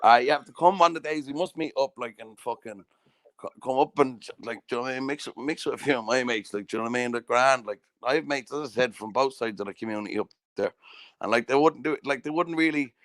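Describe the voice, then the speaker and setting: A man's voice: mid-range voice, quick pace, fairly bright tone, no echo. Southern Irish male host, chatty storyteller who swears freely, in a dry, close-miked sound. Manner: sweary storytelling, constantly asking "do you know what I mean". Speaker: podcast host. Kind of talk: casual chat.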